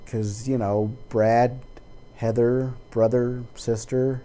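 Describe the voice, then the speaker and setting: A man's voice: mid-range voice, fairly even intonation, unhurried, mellow. A man talking into his webcam in a casual personal monologue, rambling with many fillers and false starts.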